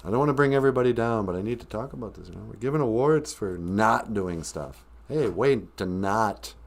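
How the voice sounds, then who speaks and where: A man's voice: lowish voice, lively intonation, fairly quick, gravelly. A man hosting a live-stream podcast, rambling through a sarcastic, mock-grumpy comedic rant. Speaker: podcast host.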